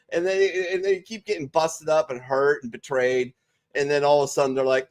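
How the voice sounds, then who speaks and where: A man's voice: fairly high pitch, flat delivery, brisk. A man hosting a casual chat among veterans, loose, joking and heavy on profanity. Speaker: show host.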